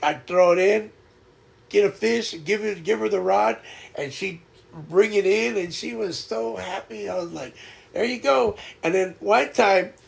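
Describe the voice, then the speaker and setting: A man hosts a live stream and chats casually, laughing often as he tells his story. His voice sits high and is heavily gravelly with fry. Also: a little slow.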